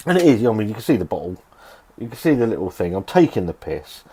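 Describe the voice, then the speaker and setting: A man's voice: fairly low pitch, big pitch swings, quick pace, mellow, slightly rough. Brief: middle-aged male vlogger, sweary and rambling, voice swinging up and down. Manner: sweary, grumbling, rambling with restarts. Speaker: beer reviewer. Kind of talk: casual vlog review. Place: home shed.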